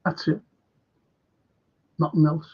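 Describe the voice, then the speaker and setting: A man hosting a fan football show, ranting heatedly and swearing constantly as he repeats himself. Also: slow. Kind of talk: angry ranting talk-show monologue. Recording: dull lo-fi sound.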